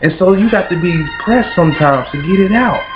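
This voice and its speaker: With his voice sitting high and expressive, this Kentucky-accented host preaches motivation a little fast, using a repetitive, rhythmic cadence. Music plays behind him on a dull lo-fi track.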